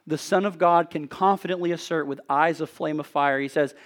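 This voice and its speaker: A man preaching an expository sermon in an earnest, emphatic way, with measured rhetorical pauses. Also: fairly high pitch, steady tone.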